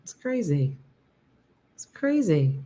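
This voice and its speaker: A woman's voice: on the low side, big pitch swings, slow, warm tone. A woman hosting a live stream, chatting casually and rambling between stories while reading out viewer comments. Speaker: live show host.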